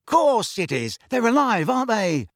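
A man's voice: on the high side, sing-song, normal speed, dry recording, studio quality, voice pushed up. A man voicing a cheeky, defiant teenage prankster boy in an audiobook. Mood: cocky. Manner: cocky and indignant. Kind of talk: audiobook character voice.

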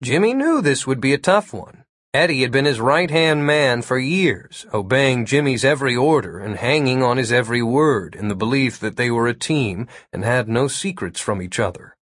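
A man reading an audiobook as narrator, with a steady storytelling delivery. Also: mid-range voice, normal speed, no echo, clean studio sound. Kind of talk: scripted narration.

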